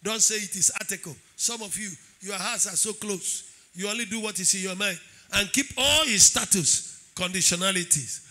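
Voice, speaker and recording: High-pitched preacher with bright voice. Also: male voice, moderate pace. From Nigeria. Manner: preaching with call-and-response, swelling into shouted declarations. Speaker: pastor. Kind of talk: sermon.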